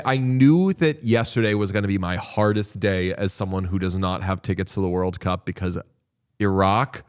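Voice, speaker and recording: A man's voice: on the low side, clear, resonant tone. Swearing man telling rambling stories. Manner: rambling storytelling, heavy swearing. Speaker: podcast co-host. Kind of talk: casual chat.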